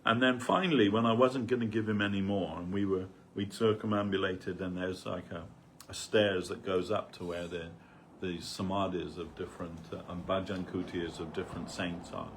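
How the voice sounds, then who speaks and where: A man's voice: low-pitched, fairly even intonation, normal speed, slight background noise. A man giving an informal spiritual talk at a temple gathering, rambling conversationally and peppering his stories with "you know".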